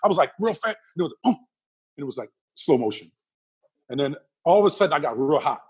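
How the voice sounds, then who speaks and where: Guy rattling off a wild story at speed, husky voice, kinda high, does all the voices himself. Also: lively intonation, fast talker, a little mellow. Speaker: interview guest. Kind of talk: animated personal storytelling.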